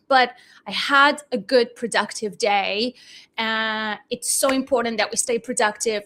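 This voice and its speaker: Her fairly high, fairly bright voice comes through a desk mic that she occasionally leans away from. She's teaching a live online class at home in Dubai, chatting casually with viewers and dropping the odd swear word.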